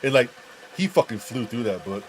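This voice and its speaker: A man's voice: medium pitch, animated, normal speed, noisy background. A young man streaming a game, telling a rambling, profane story and saying "dude" and "like" a lot. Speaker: gaming streamer. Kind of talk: casual storytelling while gaming.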